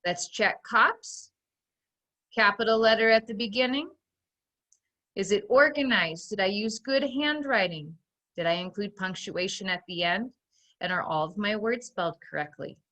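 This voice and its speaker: Bright-voiced woman teaching phonics. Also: medium pitch. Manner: slow, clearly sounding out dictated sentences; patient, guiding step by step. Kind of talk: recorded phonics lesson for young children.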